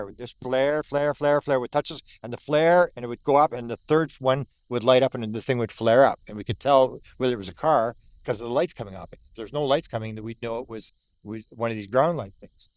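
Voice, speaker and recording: A man in his sixties from Canada, an older UFO researcher telling a story outdoors, repeating words for emphasis and acting out what people said. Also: medium pitch. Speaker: UFO researcher recounting a sighting. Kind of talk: animated storytelling. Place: outdoors at the sighting site.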